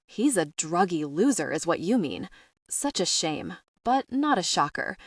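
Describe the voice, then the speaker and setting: A woman's voice: lowish voice, sing-song, measured pace, breathy edge, no echo, clean studio sound, full character voice. A woman reading an audiobook, voicing a smug, sadistic middle-aged man who drawls in a mocking, falsely friendly way.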